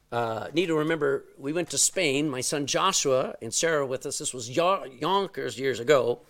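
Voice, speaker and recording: A middle-aged male pastor preaching a sermon, telling a story with loud exclamations and quiet asides. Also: medium pitch, unhurried.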